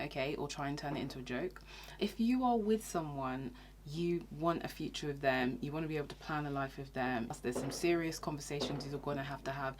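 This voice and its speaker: A woman's voice: low-pitched, slight background noise. A young woman giving frank, chatty dating advice in a casual vlog. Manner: chatty, frank, often asks "okay?". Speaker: YouTuber.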